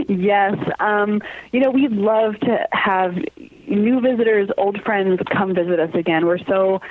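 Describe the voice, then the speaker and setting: A woman's voice: mid-range voice, slow pace, a little hiss or hum. Earnest woman on a tinny phone line. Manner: earnest and animated, laughs often, acts out quoted voices. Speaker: guest, theater company communications manager. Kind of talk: casual interview chat.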